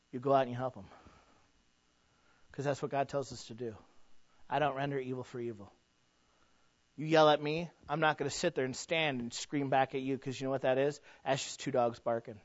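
A pastor with a medium-pitched voice preaches in a folksy, conversational manner, filled with rhetorical questions. The recording is dry and dull-sounding.

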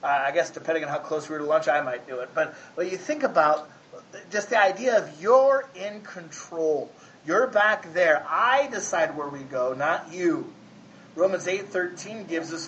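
A man's voice: sits high, expressive, unhurried, a bit bright, dull audio, a little hiss or hum. A man preaching a conversational sermon, folksy and often asking his listeners if they follow. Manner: folksy, asks the congregation 'right?'. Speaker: pastor.

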